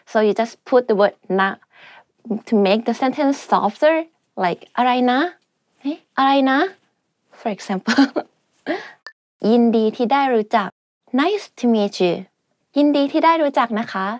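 A young woman teaches everyday phrases in a loose, chatty lesson, talking quickly and sprinkling in fillers and laughs. Her voice sits a little high and sounds close and dry, with no room around it. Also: expressive, a little mellow, no echo. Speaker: language teacher. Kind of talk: casual spoken language lesson.

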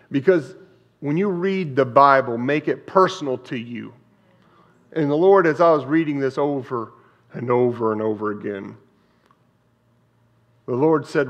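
Earnest man preaching a sermon, slightly dull recording. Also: medium pitch. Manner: earnest, repetitive preaching with swings in loudness. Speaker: pastor. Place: church sanctuary.

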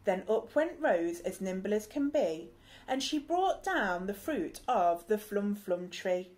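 A woman's voice: mid-range voice, sing-song, slow, darkish tone. A woman teacher reading a rhyming picture book aloud in a sing-song, rhythmic way with playful asides. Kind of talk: expressive storybook read-aloud.

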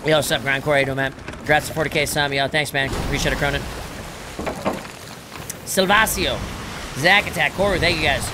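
A man streaming a video game, chatting casually with viewers and crew, relaxed and joking with plenty of swearing. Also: a little high, brisk, long pauses, noisy background. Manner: laid-back, swearing, joking banter. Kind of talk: casual live-stream chat.

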